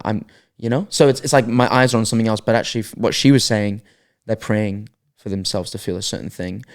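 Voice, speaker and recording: Low gravelly man musing aloud. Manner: thinking aloud, hesitant restarts. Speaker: podcast co-host. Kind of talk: casual reflective chat.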